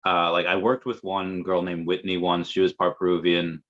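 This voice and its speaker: Low-voiced guy rambling on as a guest, lots of ums, muffled sound. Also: monotone, moderate pace, a bit bright, slight background noise. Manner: rambling, chatty, with many fillers. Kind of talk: casual conversation. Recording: muffled lo-fi audio.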